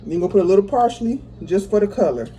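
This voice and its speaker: This casual cooking tutorial comes from a home kitchen, where a chatty cook guides viewers through every step and laughs easily. Their medium-pitched voice is expressive, fast, and mellow, on a lo-fi recording with slight background noise.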